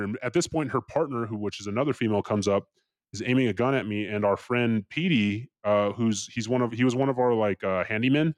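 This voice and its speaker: A man's voice: fairly low pitch, brisk, no echo. A young man from California telling a story as a podcast guest, swearing freely and acting out the voices of the people he quotes. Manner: profane, animated, acts out quoted voices. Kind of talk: casual storytelling.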